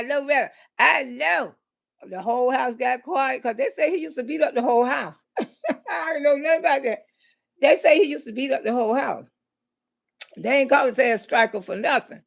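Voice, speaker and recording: A woman tells a comic story live, animated and quick to laugh. Her voice is very high with a rough, gravelly fry. She curses freely as she acts out the scene. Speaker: comedian storyteller. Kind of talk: live story-time comedy.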